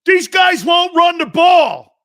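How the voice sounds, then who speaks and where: A man putting on the voice of a furious male football fan at a protest, shouting slowly and emphatically. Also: extremely high pitch, sing-song, creaky, voice pushed up, exaggerated voice. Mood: angry shouting.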